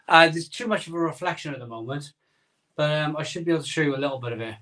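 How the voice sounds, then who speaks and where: A man's voice: on the high side, racing, a bit bright. Chatty man hosting a live stream. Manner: chatty, cheerful, many ums and repeated phrases. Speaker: live-stream host reading viewer comments. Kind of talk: casual chat.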